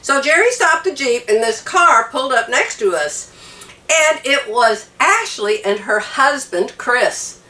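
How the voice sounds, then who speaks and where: A woman's voice: high voice, lively intonation, measured pace, pushed and bright. An older woman from the United States, teary from crying, telling a story to her viewers in a casual vlog, laughing between sentences. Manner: emotional, tearful, laughs while talking. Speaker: vlogger. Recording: echoey room, a bit far from the mic.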